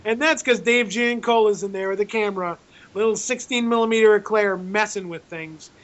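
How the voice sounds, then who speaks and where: A man, a film director being interviewed, telling a rambling, animated story with frequent restarts. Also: high voice, brisk, lo-fi sound.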